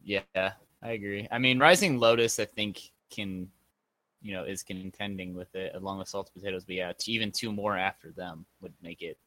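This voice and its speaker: A man's voice: deep voice, brisk, sharp tone. A man co-hosting a casual esports podcast, laid-back and chatty. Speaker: podcast co-host.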